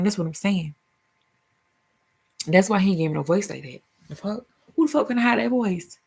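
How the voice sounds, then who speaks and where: Speaking at a normal speed with long pauses, this Southern US woman has a medium-pitched, slightly mellow voice. She's a vlogger and spiritual healer, casually and profanely talking through her spiritual life, laughing and putting on silly voices.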